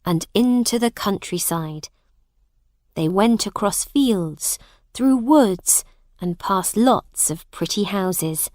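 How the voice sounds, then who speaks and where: A woman reading a storybook for learners at a very slow, careful pace, her voice rising and falling in lively swings. The recording is dry and close, with no room sound. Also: mid-range voice, dry recording. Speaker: narrator. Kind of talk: graded reader audiobook narration.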